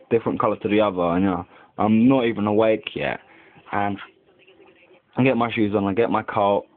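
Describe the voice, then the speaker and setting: A young man drifts through a bored, rambling monologue, dropping "like" every few words and swearing freely. His voice sits a little low and his delivery is slow and unhurried. The sound is thin and tinny, like an old webcam recording. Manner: rambling, heavy use of "like", lots of swearing. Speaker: vlogger. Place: indoors at home by a window.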